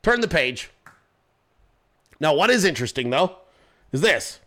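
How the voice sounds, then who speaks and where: Fiery high-voiced ranting male host. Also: sing-song, a little slow, sharp tone. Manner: profane, confrontational ranting; mocks people with quoted voices. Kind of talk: political commentary rant.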